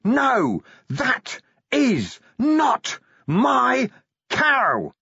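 A man's voice: fairly high pitch, sing-song, slow, a bit bright, husky, no room sound, muffled recording, voice pushed up, exaggerated voice. A man voicing a delirious, battered middle-aged watchman who wails in a dazed, childlike sing-song. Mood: screaming.

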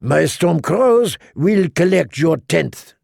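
Man doing a courtly sellsword captain, smooth-tongued and flattering, with a gravelly texture. The sound is dry and close, as in a storybook reading. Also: a little high, slow pace, no echo, pitched above the performer's own voice, full character voice.

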